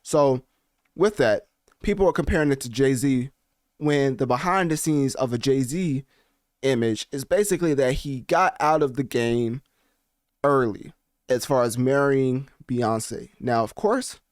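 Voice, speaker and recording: A man hosting a podcast, chatting casually with animated, slangy commentary while looking things up on his screen. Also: medium pitch, a little slow, no room sound, clean studio sound. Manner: animated, conversational, slangy asides. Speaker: podcast host. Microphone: podcast mic, also on video.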